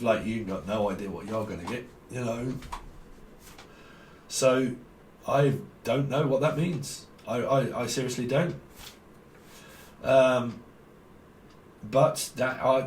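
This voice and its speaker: A man talks in a blunt, rambling way, full of slang and swearing and often breaking into laughter. He sounds like he is in an echoey room. A faint hum of ambience sits underneath. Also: medium pitch. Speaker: tarot reader. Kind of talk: casual monologue to viewers.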